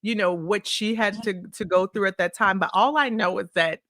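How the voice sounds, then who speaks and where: A woman guest on a podcast, telling personal stories in a casual, animated way and acting out remembered dialogue. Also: mid-range voice, normal speed, no echo, clean studio sound. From Illinois, USA. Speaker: podcast guest, consulting firm CEO. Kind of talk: casual interview storytelling.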